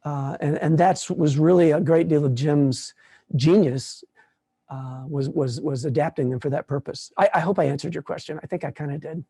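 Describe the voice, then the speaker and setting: Casting: older man, somewhat high, mellow voice, relaxed rambling puppeteer answering questions on a video call. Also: normal speed, creaky, breathy edge. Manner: relaxed, rambling, many restarts. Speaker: puppeteer speaking at a conference. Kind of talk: casual talk and Q&A.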